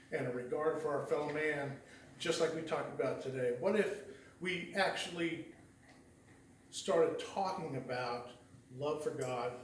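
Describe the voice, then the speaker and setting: A man's voice: a little high, a little hiss or hum. A man giving a conversational sermon, telling a story in a folksy, rambling way, often restarting and repeating words. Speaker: lay preacher. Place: church sanctuary. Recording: echoey church hall heard from a distance.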